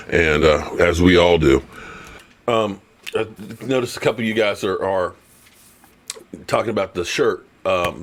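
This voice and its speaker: A man in his fifties hosting a casual sports talk live stream, ranting in a mocking, animated way and laughing often. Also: low-pitched.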